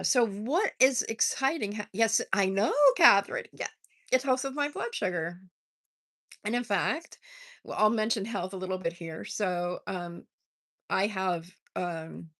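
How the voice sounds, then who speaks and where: A woman's voice: on the low side, a bit bright, no echo, studio quality. Bubbly older woman chatting on livestream. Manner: bubbly, chatty, reads out viewer comments with frequent laughs. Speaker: livestream host. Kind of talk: casual livestream chat. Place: home, on a porch.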